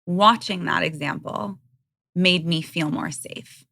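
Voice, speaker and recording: A woman in her thirties talking openly and bluntly as a podcast guest. Her voice is bright and edged with vocal fry, in a dry, close studio sound. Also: lowish voice, slow, no room sound. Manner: open, frank, occasionally blunt. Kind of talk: candid conversational interview.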